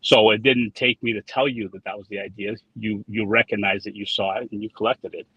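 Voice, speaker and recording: Husky low-voiced man telling stories. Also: steady tone, fairly quick, dry recording. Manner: rambling, repeats words, tells anecdotes with quoted dialogue. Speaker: trading card designer, guest. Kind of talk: casual interview storytelling. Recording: dull lo-fi sound, dry.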